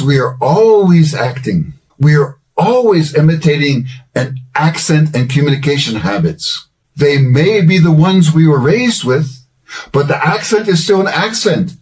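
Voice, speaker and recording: A man in his sixties or older, giving a measured, scripted educational talk as a language-learning host. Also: a little high, darkish tone, recorded from a distance, poor audio. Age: 60s or older. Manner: measured, explanatory delivery.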